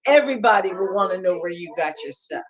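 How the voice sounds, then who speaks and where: A middle-aged woman hosting a live online flash sale, chatting with viewers in an animated, familiar way. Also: on the low side, fast talker, dull audio. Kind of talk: live sales chat.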